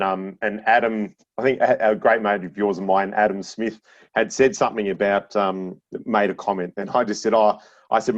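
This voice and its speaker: A middle-aged man talks in a somewhat low voice, telling animated stories with easy laughs and plenty of restarts. The podcast chat sounds dull and lo-fi, as if recorded on modest gear. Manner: animated storyteller with frequent laughs and repeated restarts. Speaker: podcast guest.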